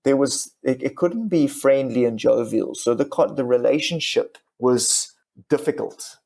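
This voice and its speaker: Guy w a gravelly voice, mid pitch, thinking out loud, lots of restarts. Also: a little slow. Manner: frank, reflective, restarts often. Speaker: comedian and ventriloquist, guest. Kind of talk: candid podcast conversation.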